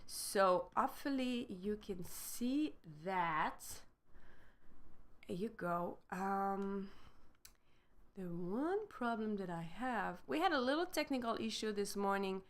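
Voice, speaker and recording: Slow-talking French woman teacher. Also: medium pitch, lively intonation. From France. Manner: chatty, laughs often, mixes French and English. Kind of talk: casual live-stream lesson.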